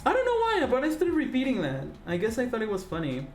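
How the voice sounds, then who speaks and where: Lively, rambling streamer chatting while drawing. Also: mid-range voice, quick pace. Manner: rambling and chatty, with frequent fillers and self-corrections; laughs easily, with sudden excited outbursts. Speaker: live-stream host. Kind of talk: casual live-stream chat while drawing.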